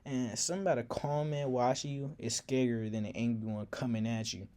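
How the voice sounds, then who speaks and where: A man's voice: mid-range voice, steady tone, brisk, few pauses, a little mellow. A man telling a personal story in a casual, slangy, reflective way.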